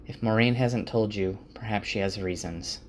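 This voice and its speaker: A man's voice: on the low side, moderate pace, slight background noise, close to an everyday voice. A man voicing a firm, commanding young woman who answers curtly. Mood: cold. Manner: firm, curt.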